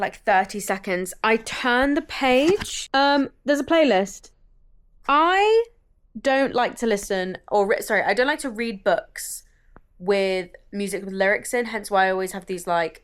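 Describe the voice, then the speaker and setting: A woman talks casually in a vlog, chatty and enthusiastic, with the odd swear word. Her voice sits somewhat high and sounds smooth and clear. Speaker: book vlogger.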